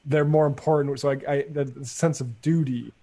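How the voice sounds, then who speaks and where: Higher-voiced man, measured and wry. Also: fairly even intonation, warm tone. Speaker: podcast co-host. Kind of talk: casual panel chat.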